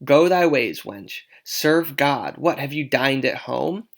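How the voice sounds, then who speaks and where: A man's voice: medium pitch, lively intonation, slow pace, gravelly. A man voicing an old nurse who grumbles about her aches and teases as she stalls. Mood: grumbling. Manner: grumbling, teasing, dragging things out. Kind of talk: dramatic read-aloud of a play.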